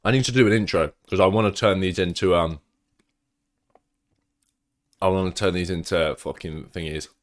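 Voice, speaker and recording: A man's voice: deep voice, steady tone, normal speed, long pauses. A young man livestreaming from home, chatting casually with viewers, rambling, swearing freely and teasing his chat.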